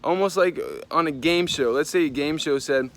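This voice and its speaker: Animated man ranting through a story. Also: on the high side, normal speed, a little hiss or hum. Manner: animated, profane, jumps into voices when quoting people. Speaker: vlogger. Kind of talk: casual storytelling rant.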